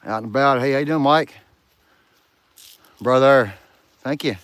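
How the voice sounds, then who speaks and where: A man's voice: mid-range voice, measured pace, a bit bright, smooth, no room sound. A man, hosting a casual outdoor livestream and greeting viewers by name, speaking close to his camera outdoors. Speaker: livestream host. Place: outdoors in snow. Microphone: phone or camera held close.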